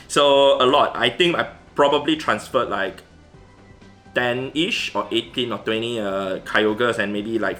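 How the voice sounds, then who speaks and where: Bright-voiced man rambling over gameplay. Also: medium pitch. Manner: rambling, many fillers and restarts. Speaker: Pokemon GO vlogger. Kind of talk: casual commentary over gameplay.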